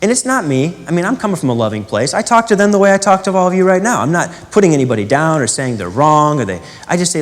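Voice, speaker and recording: A man giving a spiritual teaching in an animated, conversational way, asking rhetorical questions and acting out quotes. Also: fairly high pitch, fast, few pauses, in a large hall.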